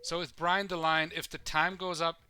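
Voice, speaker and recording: A man's voice: on the high side, level tone, moderate pace, bright, forceful tone, clean tone. A man rambling casually and swearing as he plays and comments on a live game stream. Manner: rambling, swears casually, thinks aloud while playing.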